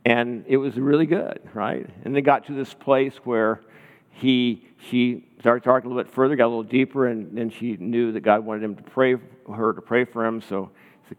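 A man's voice: mid-range voice, normal speed, dull audio. Male pastor preaching, casual storyteller, asks the room questions, long hall reverb. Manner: conversational, storytelling, checks in with listeners. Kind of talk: sermon.

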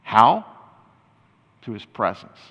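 A man's voice: on the low side, sing-song, takes it slowly, dull audio. An older man preaching a sermon as a pastor, talking conversationally, with restarts and short laughs. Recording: long hall reverb.

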